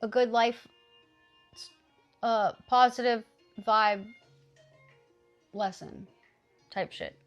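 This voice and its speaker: Woman streamer in her 30s, teasing chat, kinda high voice, faint music under it. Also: drawn-out words, pauses often, highs cut off. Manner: animated, teasing, swears casually.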